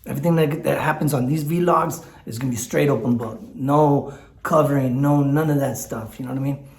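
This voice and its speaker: A man's voice: medium pitch, brisk, vocal fry, a little mellow, reverberant. A man talks candidly in a personal vlog, teary and rambling, with lots of fillers and restarts. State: teary, choked up. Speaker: vlogger. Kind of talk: emotional personal vlog talk.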